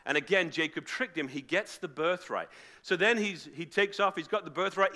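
A man preaching to a live congregation, retelling a story in a casual, animated way and acting out the voices of its characters. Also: sits high, normal speed. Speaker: pastor. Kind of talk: sermon storytelling. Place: church hall with live audience, also streamed online.

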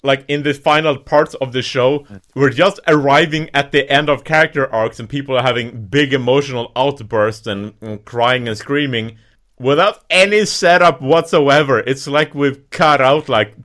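A man co-hosting a casual podcast with a middle-pitched, everyday voice. He sounds exasperated and complains at length, with short laughs between his points. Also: normal speed, a bit bright. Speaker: podcast co-host. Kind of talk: casual chat.

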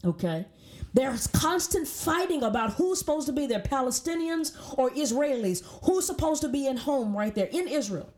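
A woman's voice: sits high, animated, moderate pace, darkish tone. A woman teaching a Bible study, reading scripture aloud and explaining it in an emphatic way, often repeating her words.

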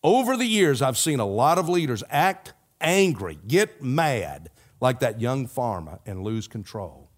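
A man preaching a sermon, telling a story and slowing down, dropping to a hush for the key lines. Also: medium pitch, big pitch swings. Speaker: pastor.

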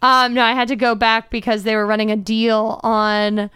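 High, clear-voiced playful woman. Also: level tone, moderate pace, fairly bright tone, no room sound, clean studio sound. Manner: chatty, playful and self-mocking. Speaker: podcast co-host. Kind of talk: casual chat.

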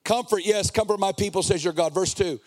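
A man's voice: high voice, brisk, darkish tone. A man in his forties preaching an earnest, impassioned sermon, sometimes lilting into a sing-song cadence.

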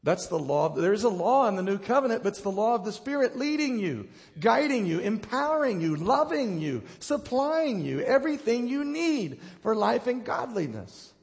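A middle-aged male pastor preaching with fervor, his voice sitting a little high for a man and carrying a gravelly edge. He swings between ringing proclamations and quiet, hushed passages. The sound rings out across a church sanctuary with a long reverb tail. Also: big pitch swings, normal speed, hardly any pauses. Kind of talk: sermon.

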